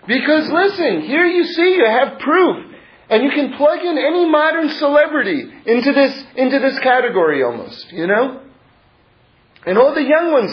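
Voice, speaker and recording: A man teaching Torah in a loose, conversational way, with rambling asides and stretches where he drops low and mutters. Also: dull audio. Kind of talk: informal Torah lesson.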